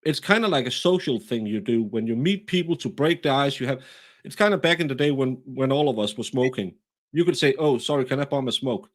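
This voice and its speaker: A man with a Danish accent, talking through a case in a casual, animated, self-deprecating way, often restarting his sentences. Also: mid-range voice, fairly quick. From Denmark. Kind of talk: casual true-crime discussion.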